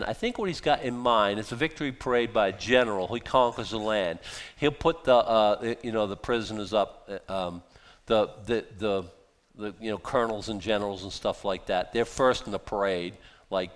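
A middle-aged man preaching a sermon in a casual, conversational way, with sarcastic asides and quick jumps in loudness. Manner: conversational, sarcastic asides, animated swings in pitch and volume. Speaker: pastor.

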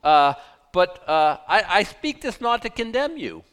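A man preaching with a lively, swinging voice that climbs into emphatic bursts and drops back to quiet, earnest stretches. He repeats and restarts his phrases as he drives each point home, in the manner of a pastor addressing his congregation. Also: high voice, unhurried, clean tone. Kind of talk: sermon.

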